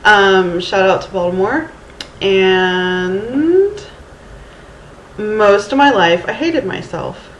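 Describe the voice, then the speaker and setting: Her medium-pitched voice moves slowly and sounds muffled, with slight background noise. She's a Houston vlogger in her thirties, casually rambling through a storytime video in Valley Girl-ish speech, stumbling over ums and restarts, recorded on her camera's mic in a roomy room with faint ambience.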